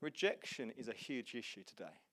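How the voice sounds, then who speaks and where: A man preaches passionately to his congregation at a medium pitch, speaking earnestly and with animation. He swings between loud exclamations and hushed, slow passages.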